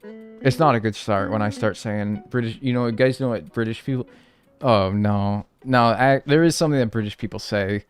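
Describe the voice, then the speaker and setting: A man's voice: lowish voice, moderate pace. Bantering male streamer, faint music. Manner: playful, bantering with chat, swears, mock-outraged. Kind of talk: casual live-stream chat.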